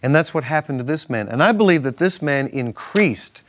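A man's voice: on the high side, animated, normal speed. A male minister teaching from the Bible on a Christian talk show, emphatic and repetitive in a preacherly way.

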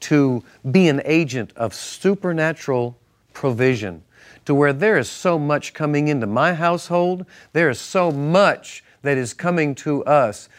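A man's voice: on the high side, lively intonation, measured pace. A male minister teaching from the Bible on a Christian talk show, emphatic and repetitive in a preacherly way.

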